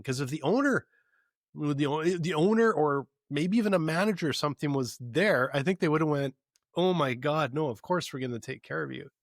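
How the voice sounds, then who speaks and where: A man's voice: on the high side, no echo, studio quality. A man co-hosting a podcast, casually telling a story with lots of fillers and restarts. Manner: storytelling, animated retelling with frequent fillers and restarts. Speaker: podcast co-host. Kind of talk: casual chat.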